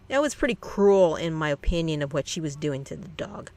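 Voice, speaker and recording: A channel host telling a personal story in a rambling, halting way, often restarting sentences. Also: medium pitch, animated, darkish tone.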